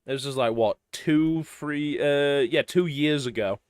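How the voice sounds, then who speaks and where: A man's voice: fairly high pitch, slow pace, smooth, no room sound. A man streaming a game, rambling casually and swearing. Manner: rambling, swearing, self-deprecating. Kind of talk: casual commentary while playing.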